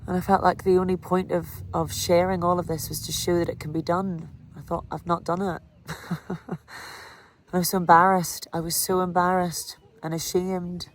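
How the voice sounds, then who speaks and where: A woman's voice: lowish voice, little pitch movement, fairly quick, hardly any pauses, slight background noise. An Irish woman vlogging candidly and emotionally about a hard cycling challenge. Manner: emotional, candid, breaks into laughter. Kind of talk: candid personal vlog.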